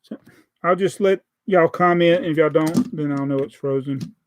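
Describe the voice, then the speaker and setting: A man's voice: on the high side, moderate pace, dry recording. A man with a Southern American accent, chatting casually on a live stream as he builds a toy set, joking and reading out viewer comments. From Southern United States.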